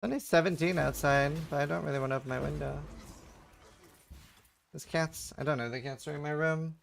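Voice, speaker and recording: A man's voice: fairly high pitch, fairly quick, gravelly, slight background noise. A man streaming a game live, chatting casually with viewers in a dry, sarcastic way. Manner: dry, sarcastic banter with chat. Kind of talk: casual gaming livestream chat.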